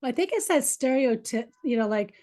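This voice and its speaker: Chatty, fairly high-voiced woman host. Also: lively intonation, moderate pace, dark tone. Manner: chatty and affirming, with frequent "you know" and "right?". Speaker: podcast host. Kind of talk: casual interview chat.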